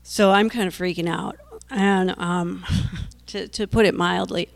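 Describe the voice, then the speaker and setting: Middle-aged woman telling her own story, anxious worrier type, bit of a gravelly rasp. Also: on the low side, fairly even intonation, unhurried. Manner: self-described worrier, earnest and anxious retelling; breaks into nervous laughs. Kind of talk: personal storytelling to an audience.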